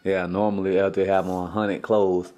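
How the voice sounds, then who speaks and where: Teasing, foul-mouthed family dad. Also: male voice, low voice, level tone, normal speed, dark tone. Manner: teasing, profane, joking banter; laughs often while ribbing his family. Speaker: father and vlog host. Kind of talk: casual family vlog chat. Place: family home.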